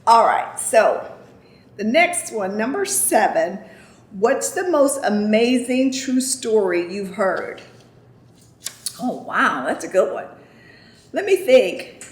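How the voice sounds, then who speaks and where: In a reverberant space, a woman with a medium-pitched, animated voice takes her time, pausing often as she answers viewer questions. Her vlog chat is casual and emphatic, peppered with "I kid you not" and frequent "okay?" check-ins.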